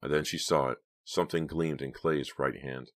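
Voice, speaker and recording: Deep deep voice guy reading a novel aloud, measured and hushed. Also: fairly even intonation. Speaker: audiobook narrator. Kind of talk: scripted narration.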